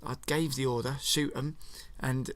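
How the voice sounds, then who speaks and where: A man's voice: mid-range voice, fairly even intonation, unhurried, no room sound, lightly acted. A man voicing a blunt, bullying stormtrooper commander for a bedtime-style retelling. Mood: scolding. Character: gruff bossy male stormtrooper commander.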